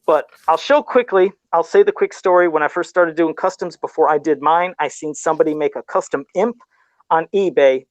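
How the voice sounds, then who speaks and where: A man's voice: on the high side, brisk, dry recording. A middle-aged man in casual podcast chat, laid-back and self-deprecating, often laughing at himself while talking about toy customs.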